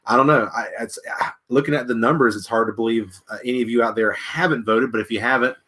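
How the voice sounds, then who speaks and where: A man's voice: medium pitch, quick pace, pushed and bright. A man co-hosting a casual wine shop livestream, chatty and upbeat, often repeating his words.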